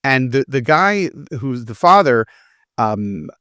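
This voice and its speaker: A man's voice: mid-range voice, sing-song, takes it slowly, bright, forceful tone, smooth, dry recording, studio quality. Chatty man reviewing a film. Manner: chatty, acts out characters' lines in quotes. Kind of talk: casual podcast chat.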